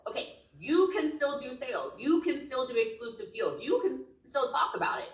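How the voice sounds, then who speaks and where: A woman's voice: on the high side, sing-song, a little fast, few pauses. Punchy, urgent woman sales coach; roomy, distant sound. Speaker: network marketing coach. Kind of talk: energetic webinar teaching.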